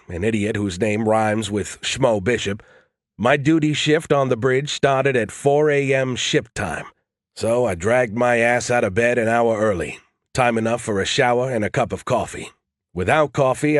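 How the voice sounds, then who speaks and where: A man's voice: medium pitch, dry recording, clean studio sound. A man narrating a first-person audiobook in a wry, self-deprecating way.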